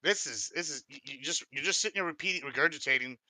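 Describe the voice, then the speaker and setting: Heated, very bright-voiced male caller. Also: a little high, fast, dry recording, low-quality recording. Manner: heated, rambling, mocking voices when quoting. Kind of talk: casual call-in debate talk.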